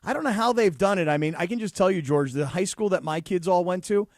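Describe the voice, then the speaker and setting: A man co-hosting a radio show, telling stories in animated casual chat. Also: high voice, fast talker, no room sound, studio quality. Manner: animated storyteller. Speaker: radio co-host.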